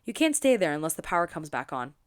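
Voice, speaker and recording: A woman reading the lines of a rugged male cowboy neighbor in a novel, blunt and matter-of-fact, at a quick pace. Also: sits low, sing-song, smooth.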